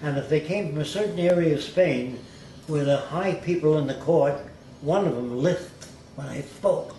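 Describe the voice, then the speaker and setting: A man's voice: fairly high pitch, normal speed, warm tone. An older man telling stories from his life in a blunt, conversational way, sometimes mimicking how others talk. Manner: blunt, mimics accents in quoted voices. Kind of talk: conversational storytelling. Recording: roomy with faint background hiss.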